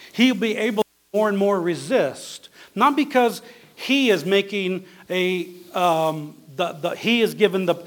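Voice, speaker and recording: A high-voiced man delivers a sermon as a pastor. He talks it through conversationally and keeps putting rhetorical questions to his listeners.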